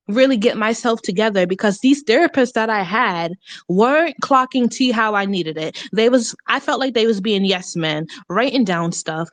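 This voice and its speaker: A woman's voice: medium pitch, no echo. Earnest woman giving a heartfelt testimonial. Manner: earnest, heartfelt, casual slang. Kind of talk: casual emotional testimonial.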